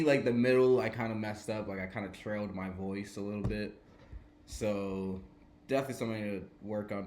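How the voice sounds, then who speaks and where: Guy, casual commentary, self-critical, chatty, middle pitch. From Georgia, US. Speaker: podcast host.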